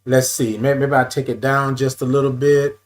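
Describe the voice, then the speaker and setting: A man hosting a casual morning live stream, greeting viewers by name with drawn-out, sung greetings and saying y'all a lot. He repeats his phrases and adjusts his camera as he talks. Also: mid-range voice, little pitch movement.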